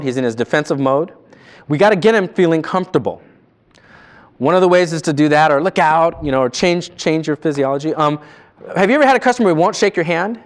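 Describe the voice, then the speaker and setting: Animated man leading a sales seminar. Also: a little high. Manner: animated, quizzes the audience. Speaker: sales trainer. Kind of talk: live seminar lecture.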